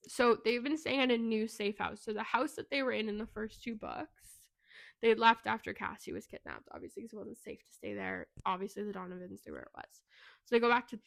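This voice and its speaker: A woman co-hosting a book podcast, retelling a plot in casual, profane, animated chat. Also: medium pitch, vocal fry, no room sound. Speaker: podcast co-host.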